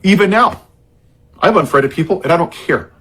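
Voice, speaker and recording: A man's voice: a little high, expressive, normal speed, bright, forceful tone, slightly rough. A man in an impassioned political rant, angry and heavily sarcastic, sounding worked up and frustrated. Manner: angry and sarcastic, heavy irony.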